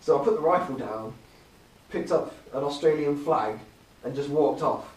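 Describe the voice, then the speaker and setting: A man's voice: on the high side, normal speed. A young man in casual chat, telling a long story with plenty of swearing. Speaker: podcast co-host. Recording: roomy, far from the mic.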